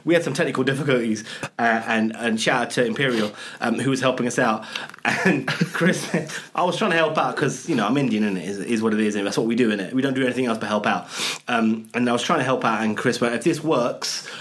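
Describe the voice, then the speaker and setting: A man's voice: medium pitch, fast talker, few pauses, fairly bright tone. A man co-hosting a casual podcast, full of playful teasing banter. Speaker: podcast co-host.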